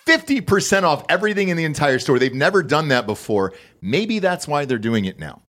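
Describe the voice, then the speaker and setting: A man's voice: on the high side, a little fast. A man hosting a podcast, joking and swearing in casual banter and reading ads. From Texas. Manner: joking, profane, animated. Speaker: podcast host.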